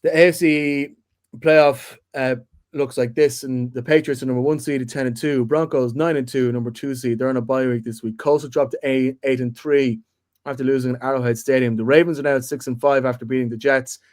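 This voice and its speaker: Halting man chatting sports. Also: mid-range voice, fairly even intonation, a little mellow. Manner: halting, lots of restarts, bantering. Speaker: podcast co-host. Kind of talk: casual sports chat.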